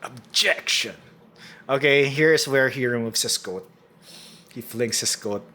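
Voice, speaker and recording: A man's voice: medium pitch, unhurried, sharp tone, slight background noise. A man streaming a courtroom game, reading its dialogue aloud and making casual asides to viewers. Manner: casual asides between read lines. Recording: game music underneath.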